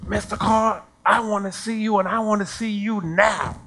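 A preacher puts on an indignant mother, her voice pitched well above his own and pushed loud. She is demanding and insistent, hammering every line. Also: a little slow, a little hiss or hum. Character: angry, indignant mother of a schoolgirl.

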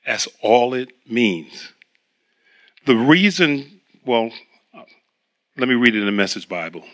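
A man's voice: mid-range voice, expressive, takes it slowly, fairly bright tone. A man preaching a sermon, reading scripture aloud and then explaining it in a conversational way.

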